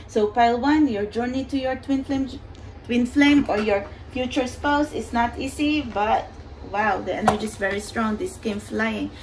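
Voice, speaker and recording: A woman's voice: on the high side, moderate pace, background noise. Earnest, reassuring woman tarot reader. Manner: earnest, reassuring, repeats "you know" and "okay". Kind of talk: pick-a-card spiritual reading.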